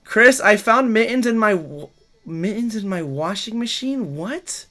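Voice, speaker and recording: A man about thirty, live-streaming a game and bantering with his chat. His voice jumps up and down with lively swings in pitch as he jokes, teases and protests. The talk is loose and playful throughout. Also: measured pace. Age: 30s. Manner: playful, teasing, reads and answers chat aloud. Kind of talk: casual livestream chat while gaming.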